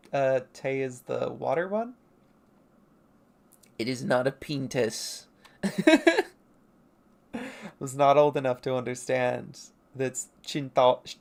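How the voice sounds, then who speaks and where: Rambling young artist with a gravelly edge. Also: mid-range voice. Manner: rambling, self-mocking, briefly acting out character lines. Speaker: artist livestreaming a comic read-through. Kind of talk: casual livestream commentary.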